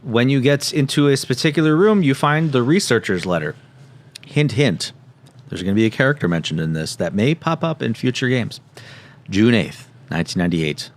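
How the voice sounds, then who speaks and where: A man hosting a podcast, recapping a game in a loose, joking way. His voice swings up and down in lively bursts. He rambles and restarts mid-thought. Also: mid-range voice, moderate pace. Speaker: podcast host. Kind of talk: casual chat recapping a video game.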